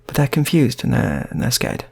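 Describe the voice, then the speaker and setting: Gravelly, husky male storyteller. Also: mid-range voice, moderate pace. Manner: restarts phrases, animated delivery. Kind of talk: improvised story narration.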